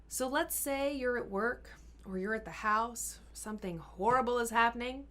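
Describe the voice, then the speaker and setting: A woman health coach answering questions in a live Q&A. She talks in an earnest, encouraging way, explains things step by step, and sometimes slows down and softens her voice to show calm speaking. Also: fairly high pitch. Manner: sometimes drops to a slow, soft voice to model calm speaking. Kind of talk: live Q&A advice talk.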